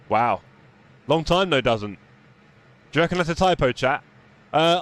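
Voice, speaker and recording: A man's voice: on the high side, lively intonation, unhurried, pauses often, fairly bright tone, a little hiss or hum. A man chatting casually while sim racing on a live stream, reading out chat. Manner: chatty, reads chat aloud while driving. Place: home sim racing rig.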